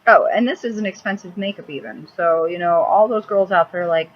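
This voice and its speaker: Speaking briskly on the low side with hardly any pauses, this woman rambles through a casual makeup vlog at home. She's blunt, crude and cranky, swearing freely, and her laptop mic yields slightly dull audio with a faint hiss.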